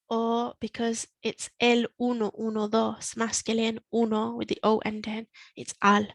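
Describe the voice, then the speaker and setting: Woman, Spanish teacher, patient and slow, fairly high voice, steady and flat in tone, dry close sound. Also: dry recording. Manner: patient, explains step by step, repeats words slowly. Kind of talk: online language lesson. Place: in Spain.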